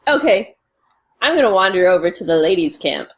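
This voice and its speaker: A woman playing a tabletop game, sarcastic in her remarks. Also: lowish voice. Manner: sarcastic, slow and lively. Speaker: player. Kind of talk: casual tabletop game chat.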